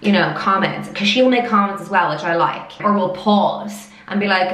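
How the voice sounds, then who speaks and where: A woman of twenty-five chatting to camera in a fast, loud, storytelling way. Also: mid-range voice, steady tone. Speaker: vlogger. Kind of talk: casual chat to camera. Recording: echoey room.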